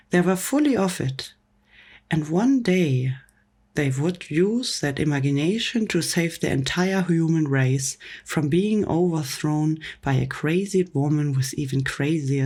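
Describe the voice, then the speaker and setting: A woman reading a comic book story aloud in a soft, gentle whispered role-play for bedtime. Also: low voice, breathy edge. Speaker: ASMR storyteller.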